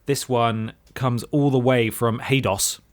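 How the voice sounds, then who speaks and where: A man's voice: fairly even intonation, takes it slowly. A man co-hosting a podcast in casual, joking chat. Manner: bouncy, jokey, swings pitch a lot. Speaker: podcast co-host.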